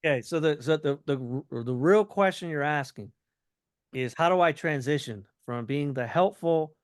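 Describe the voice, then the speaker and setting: A man's voice: a little high, moderate pace, no echo, studio quality. A man coaching someone on sales in a casual conversation, acting out both sides of a call to show how each line should sound.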